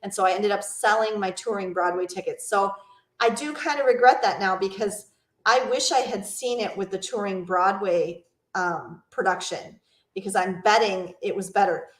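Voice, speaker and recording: A woman's voice: mid-range voice, normal speed, reverberant. A woman hosting a live travel Q&A, chatting casually, rambling a bit, reading out viewers' comments and asking them questions.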